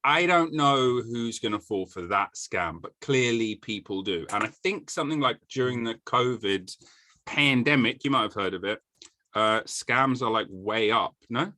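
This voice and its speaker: A man hosting a casual podcast chat, joking and sarcastic, with sudden jumps in pitch. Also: expressive, moderate pace, bright, forceful tone. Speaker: podcast host.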